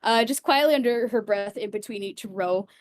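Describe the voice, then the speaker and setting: A woman's voice: fairly high pitch, normal speed, a little hiss or hum. A young woman playing a tabletop game, chatty and giggly, narrating her character's actions. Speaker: player. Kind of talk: tabletop role-play, in and out of character.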